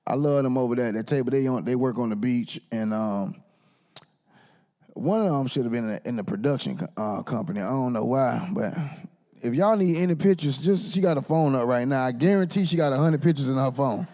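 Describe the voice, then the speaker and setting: A man's voice: medium pitch, a little fast, mellow. A man emceeing an awards event, joking and teasing the crowd. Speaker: master of ceremonies. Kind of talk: comedic emcee roast.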